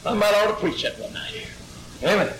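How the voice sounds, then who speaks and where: A man preaching a lively Pentecostal sermon, exclaiming and telling a story. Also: sits high, fairly quick, roomy sound, a little hiss or hum, low-quality recording. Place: church.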